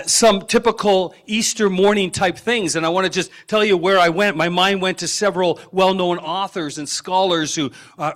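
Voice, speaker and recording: A man's voice: sits high, a bit bright. A man preaching an Easter sermon to his congregation, emphatic and repeating key phrases, with asides to the people in front of him. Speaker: pastor. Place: church sanctuary.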